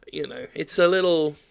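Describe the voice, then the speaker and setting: Self-mocking guy swearing his way through gameplay commentary, bright sharp voice, loses track a lot. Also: a little high. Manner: self-deprecating, sweary, wanders off on tangents. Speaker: gaming video host.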